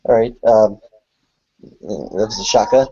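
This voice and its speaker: A fairly low-voiced man acts as game master for a tabletop horror game, narrating in a halting way full of "uh" and "you know". His voice is husky. It comes through a video call with dull, lo-fi sound. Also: mellow. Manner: hesitant, full of filler words. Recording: lo-fi online call audio.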